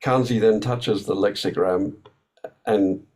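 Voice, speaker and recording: A man giving an academic workshop talk. He explains his ideas thoughtfully, often pausing on fillers and restarting his sentences. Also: on the low side, steady tone, darkish tone, rough recording. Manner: hesitant, with frequent fillers and restarts. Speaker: academic speaker.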